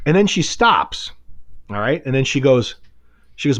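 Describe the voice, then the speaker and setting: A man's voice: medium pitch, measured pace. A man telling a long story on a casual podcast, swearing freely and laughing as he goes. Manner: profane, animated, laughs while telling a story. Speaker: podcast co-host.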